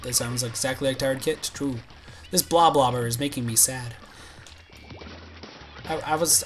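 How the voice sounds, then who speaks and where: A man streaming a game live, rambling goofily to his viewers and yelping excitedly whenever he gets hit. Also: a little high. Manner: rambling, goofy and excitable, yelps when hit; chats with viewers. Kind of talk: live gameplay commentary.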